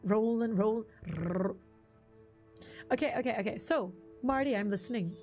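A woman's voice: fairly high pitch, brisk, a little mellow, faint music behind. A woman streamer chatting casually while she plays, rambling through stories and laughing often. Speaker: game streamer. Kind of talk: casual live-stream chat while gaming.

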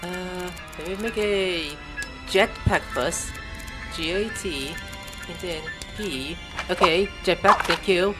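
A gameplay streamer with a high voice talks a little slowly through casual let's-play commentary over game music. He reads on-screen text aloud, spells out words letter by letter, and swears when something surprises him.

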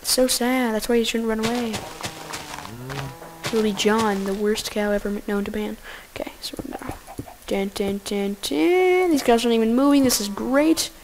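Woman, gameplay commentator; goofy, excitable casual delivery with a raised pitch and gravelly edges. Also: moderate pace, background noise. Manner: goofy, excitable, talks to game animals.

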